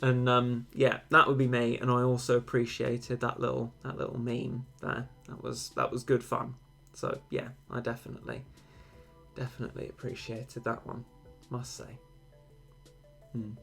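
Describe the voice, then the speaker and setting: Young male streamer, middle-pitched, casual rambling chat with mock-drama, faint music bed. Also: completely flat delivery, moderate pace, creaky, a bit bright. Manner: chatty and rambling, given to mock-dramatic overstatement. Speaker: game streamer. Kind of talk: casual live-stream chat reading out and answering viewer comments.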